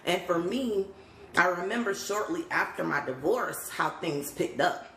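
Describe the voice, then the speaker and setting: A woman's voice: on the low side, animated, measured pace, a bit bright, a little hiss or hum. A woman hosting a casual live stream on her phone, chatting openly, laughing often and greeting viewers. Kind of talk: casual livestream chat. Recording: roomy echo.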